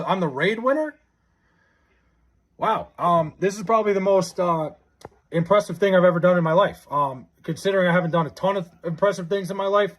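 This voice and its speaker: A young man chats on his livestream, reading out messages from viewers. His voice sits high and swoops widely as he stammers, overwhelmed and excited. There is a husky edge to his tone. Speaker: livestream host. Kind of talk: casual livestream chat, reading chat aloud.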